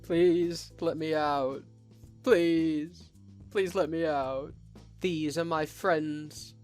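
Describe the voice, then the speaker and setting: A man voicing a whiny, whimpering little boy who pleads in a slow, drawn-out way. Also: fairly high pitch, fairly even intonation, a little mellow, soft background music, pitched above the performer's own voice. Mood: pleading.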